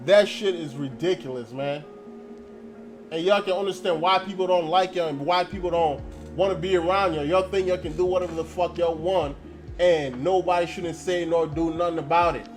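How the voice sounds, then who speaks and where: A man's voice: fairly high pitch, steady tone, normal speed, soft background music. A young man telling a story in a blunt, profane casual rant, acting out quoted dialogue. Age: young adult. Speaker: channel host. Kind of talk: casual ranting monologue.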